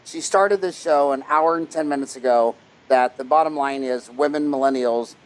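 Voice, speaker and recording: A middle-aged man hosting a podcast interview, telling stories in a lively, casual way and acting out the dialogue he quotes. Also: mid-range voice, normal speed, poor audio. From Kansas, USA. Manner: animated storyteller, acts out quoted dialogue. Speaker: podcast host.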